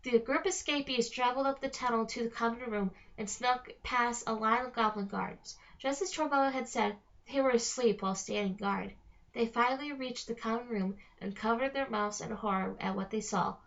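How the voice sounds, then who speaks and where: A woman reading a novel aloud in a steady storytelling manner, slowing on key phrases. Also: fairly high pitch, creaky. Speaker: reader. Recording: dull lo-fi recording.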